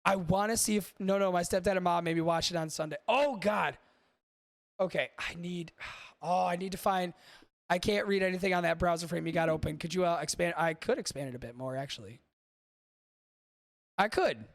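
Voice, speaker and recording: A man's voice: sits high, normal speed, dry recording, studio quality. A man hosting a podcast livestream, chatting casually and profanely, rambling and talking to his chat. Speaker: podcast host.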